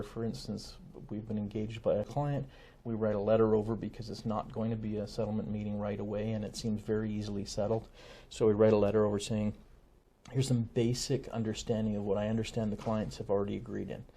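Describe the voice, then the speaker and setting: A middle-aged man speaks in a low, dark voice with a husky edge. He explains things in a measured way, full of examples and small asides, like a lawyer being interviewed. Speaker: family lawyer guest. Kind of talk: conversational interview.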